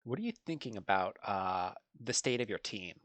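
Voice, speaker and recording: A game master narrating a tabletop game, asking halting, filler-heavy questions. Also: low voice, lively intonation, dry recording.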